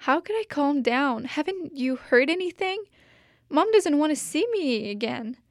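A sulking little girl who pleads through her tears, as a woman reading a storybook puts her on. The voice sits high above the reader's own and is pushed and emphatic. The recording is dry and close. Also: lively intonation, a little slow, dry recording. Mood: tearful. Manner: tearful, pleading, raised voice. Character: young girl, sad, stubborn and sulking.

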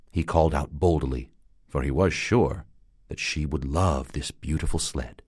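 A man narrating a fairy tale in a lively, expressive way. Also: very deep voice, slightly rough, no room sound, studio quality. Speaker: storyteller. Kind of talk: storybook narration.

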